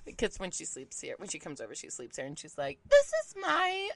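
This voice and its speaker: A woman's voice: low voice, lively intonation, quick pace, vocal fry, a crowd in the background. A woman in her thirties hosting a podcast, telling a story in casual chat and acting out the quotes with lots of laughter. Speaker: podcast host.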